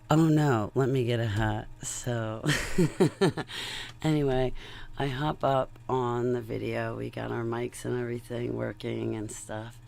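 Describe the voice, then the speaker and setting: A woman's voice: extremely low pitch, fairly even intonation, slow pace, gravelly, pauses often, darkish tone. A woman vlogging in a casual, rambling, digressive monologue, chatty and talking to her viewers. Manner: rambling, chatty, digressive, laughs between thoughts.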